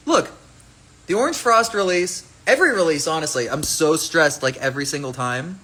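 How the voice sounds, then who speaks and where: A man's voice: on the high side, animated, normal speed, sharp tone, breathy edge, rough recording. A man chatting casually on a phone livestream about his own fragrance, rambling and playful as he jumps between topics.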